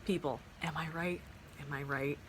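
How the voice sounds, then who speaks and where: A young adult woman vlogs at home by an open window, speaking into her phone camera with a low-pitched, steady voice at a moderate pace over background noise. Her casual storytime is a rambling, heartfelt personal tale full of fillers and restarts.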